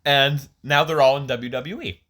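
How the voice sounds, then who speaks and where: A man's voice: mid-range voice, normal speed, a bit bright. A man co-hosting a casual podcast, eagerly recapping stories and laughing often. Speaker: podcast co-host. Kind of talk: casual chat.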